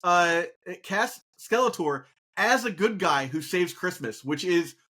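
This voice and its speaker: A man co-hosting a podcast, chatting casually as an enthusiastic, animated storyteller with many fillers. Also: sits high, measured pace. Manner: animated storyteller, acts out quotes. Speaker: podcast co-host. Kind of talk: casual chat.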